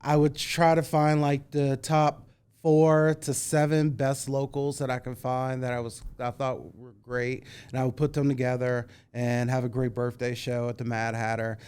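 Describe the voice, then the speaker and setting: A man in casual podcast conversation, an animated storyteller who acts out the voices of people he quotes. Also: medium pitch, moderate pace, clear, resonant tone. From Cincinnati area. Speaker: guest, former concert booker.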